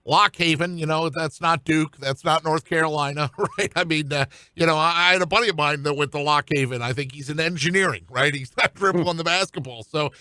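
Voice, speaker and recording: A man's voice: a little high, a little fast, few pauses, pushed and bright, smooth, no room sound. A man hosting a sports radio show, asking questions in a rambling, chatty way full of fillers. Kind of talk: casual radio interview.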